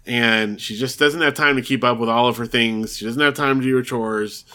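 A man's voice: medium pitch, steady tone, normal speed, sharp tone. A man co-hosting a podcast, casually recapping a TV episode, laughing often and acting out the characters' lines. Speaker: podcast co-host.

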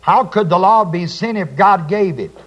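In lo-fi sound, an animated preacher with a high-sitting voice teaches scripture verse by verse at a slow, deliberate pace. He quotes the text, explains it, and asks the congregation to fill in key words.

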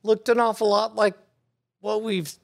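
A man's voice: high voice, little pitch movement, unhurried, creaky. A man co-hosting a podcast, casually chatting about a TV episode with a wry, joking manner. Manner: wry, joking, laughs often. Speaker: podcast co-host. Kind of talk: casual chat reviewing a TV episode.

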